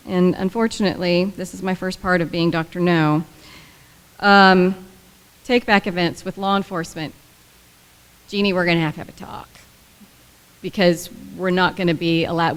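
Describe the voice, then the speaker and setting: A woman presenting regulations at a workshop, blunt and animated, with joking asides to the audience. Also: on the low side, clean tone. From United States. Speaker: government agency presenter. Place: conference room. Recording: echoey hall reverb.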